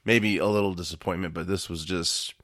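A young man with a fairly low voice chats casually as a podcast co-host. He laughs easily and gets lively when he jokes. The sound is dry and close to the mic. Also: a little fast, no room sound. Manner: laughs often, animated when joking. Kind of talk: casual chat.

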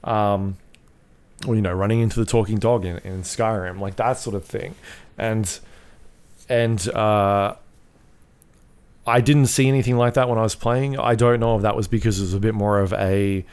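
Rambling, low-voiced male podcast co-host. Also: steady tone, moderate pace, darkish tone, smooth. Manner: rambling, filler-heavy, swears freely. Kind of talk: casual chat about video games.

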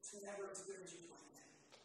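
A woman's voice: lowish voice, steady tone, a little fast. A woman pastor preaching an impassioned sermon, repeating phrases and calling on the congregation to repeat after her. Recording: echoey hall from far off, noisy.

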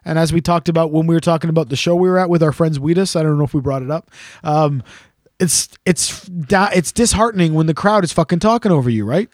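A man with a notably high voice spins a teasing anecdote, cursing freely as he goes. The sound is dry and close, with no room around it. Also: fast, dry recording. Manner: teasing storyteller, swears freely. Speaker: podcast host and gigging singer. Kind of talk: casual chat.

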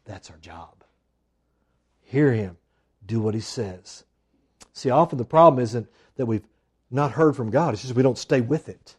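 Male pastor, husky mellow tone, lively pitch, dramatic drops to near-whispers. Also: unhurried, pauses often. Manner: dramatic swings from loud emphasis to hushed asides. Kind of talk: sermon.

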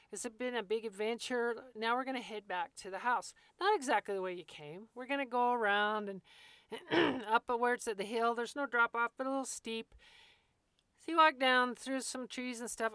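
Woman telling a story like a lesson, kinda high, smooth clean voice, talks right to you. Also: a bit bright, no echo. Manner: vivid storytelling, speaks to listener as "you", folksy. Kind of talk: guided walkthrough talk.

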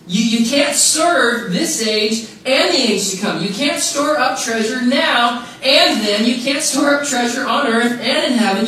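A man delivers a sermon with emphatic repetition and casual asides. His voice sits high, and the recording is heavily echoey, picked up from a distance with faint background noise. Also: pushed and bright. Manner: emphatic, repeats key phrases, casual asides. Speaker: pastor. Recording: very echoey room, mic far off, faint noise.

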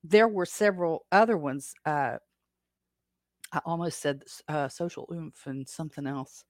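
A woman's voice: low voice, normal speed, no echo, studio quality. A woman hosting a casual livestream chat, rambling along with frequent self-corrections and small laughs. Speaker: podcast host.

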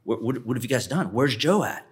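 A man's voice: mid-range voice, expressive, a little fast, breathy edge. A man voicing an eldest brother who asks for his missing sibling in an alarmed, pleading way, in a sermon retelling.

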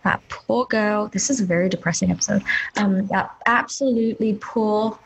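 A woman co-hosting a podcast in casual chat, talking in an animated way that rises in pitch when she gets worked up. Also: moderate pace, vocal fry, husky, rough recording. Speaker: podcast co-host.

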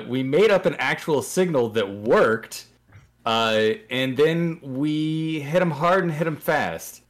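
A man with a slightly high voice that moves a great deal in pitch. He recaps a tabletop game in a loose, rambling way, with plenty of filler words. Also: a bit bright. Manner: rambling, filler-heavy with many "uh"s. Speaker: player.

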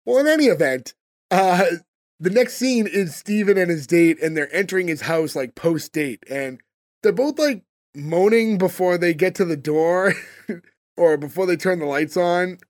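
A podcast host with a high-pitched, expressive voice, a little slow and recorded dry, recaps an episode's scenes in casual chat. He sounds puzzled, asking questions and leaning heavily on "like."

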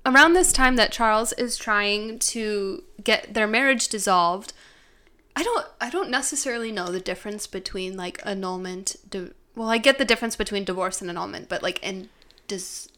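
A woman's voice: mid-range voice, normal speed, pushed and bright. A young woman co-hosting a casual true-crime podcast, chatty and giggly with lots of fillers. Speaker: podcast co-host.

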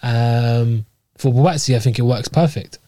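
Relaxed man in casual sports chat. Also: medium pitch, unhurried, dry recording, clean studio sound. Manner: relaxed, rambling, many fillers. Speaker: podcast co-host.

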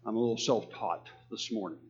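A man's voice: fairly low pitch, fairly quick, husky. A man from Texas preaching a sermon in an earnest, conversational way, calling on the congregation to repeat lines after him. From Texas, USA. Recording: dull lo-fi sermon recording.

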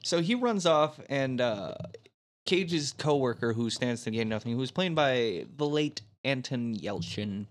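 A man's voice: medium pitch, animated, unhurried. A man casually recapping a movie plot on a podcast, laughing often and leaning on filler words. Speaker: podcast host.

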